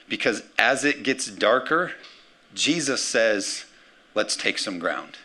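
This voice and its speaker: A man preaching a sermon as pastor, energetic, calling for amens and acting out the words of scripture figures. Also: lowish voice, takes it slowly. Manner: energetic, calls for amens, acts out quotes.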